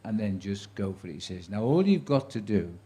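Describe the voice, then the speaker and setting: A man's voice: lowish voice, very animated, a little fast, mellow, breathy edge. A man in his seventies, a sports commentator, telling career stories to a live audience with dry wit and acted-out quotes. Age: 70s. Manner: chatty raconteur who acts out quoted voices, dry wit. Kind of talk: anecdotal storytelling to a live audience.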